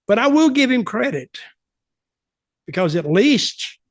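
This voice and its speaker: A man's voice: very high voice, very animated, a little slow, no echo, clean studio sound. An older man hosting a podcast who tells rambling, blunt, conversational stories. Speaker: podcast host. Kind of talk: casual storytelling.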